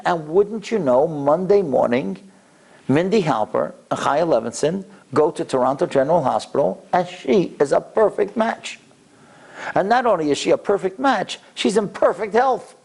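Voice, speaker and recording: A man with a gravelly, creaky voice pitched a little above the usual, telling a story to a synagogue audience. He is an animated storyteller who acts out the people in his story. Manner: animated storyteller acting out quotes. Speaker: rabbi, lecturer. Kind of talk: storytelling lecture. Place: synagogue sanctuary.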